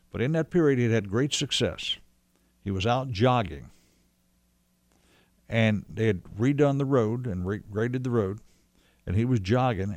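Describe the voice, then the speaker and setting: Low-voiced guy rambling through an old story, dry close sound. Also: a little mellow, no room sound. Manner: rambling, many restarts and quoted dialogue. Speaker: storyteller guest recalling a friend. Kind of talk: casual conversational storytelling.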